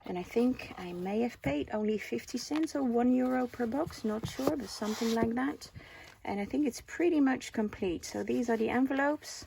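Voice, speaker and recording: Showing and telling items from her craft haul, a Dutch woman in her forties with a Dutch accent chats casually and poses questions to her viewers. She speaks on the high side at a moderate pace, mellow, with vocal fry and few pauses. There is a little hiss or hum.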